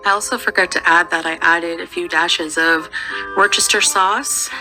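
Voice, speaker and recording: A woman's voice: on the low side, fairly even intonation, normal speed, music in the background, low-quality recording. A woman narrating her own cooking video, chatty and walking through each step. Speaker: cooking vlogger.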